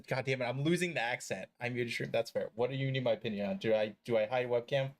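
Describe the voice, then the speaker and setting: A man's voice: mid-range voice, fast talker. A young man chatting casually on a live game stream, joking, rambling and swearing freely.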